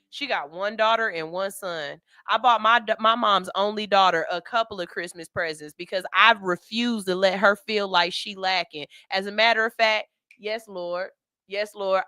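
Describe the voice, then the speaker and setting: Bright, blunt Southern woman host. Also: mid-range voice, dry recording, studio quality. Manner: blunt, profane, preachy. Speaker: radio show host. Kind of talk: radio talk monologue. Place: radio studio. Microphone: studio mic.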